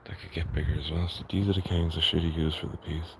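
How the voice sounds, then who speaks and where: A man with an Irish accent hosting a casual live gardening walkthrough, soft-spoken and mumbly, often half-whispering to his plants and insects. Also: low voice, flat delivery, fast talker. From Ireland. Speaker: gardening livestream host. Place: outdoor vegetable garden. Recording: noisy outdoor livestream audio.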